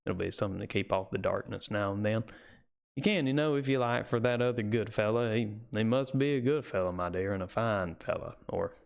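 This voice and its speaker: A man's voice: on the low side, brisk, gravelly, clear, resonant tone, pitched below the performer's own voice. A man voicing a bluff, big-hearted American cowboy suitor with a hearty, folksy drawl and an American accent.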